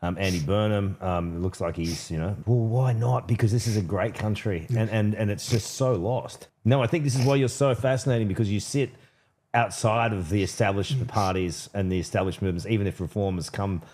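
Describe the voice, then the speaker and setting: Deep-voiced Australian TV interviewer. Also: male voice, brisk, darkish tone.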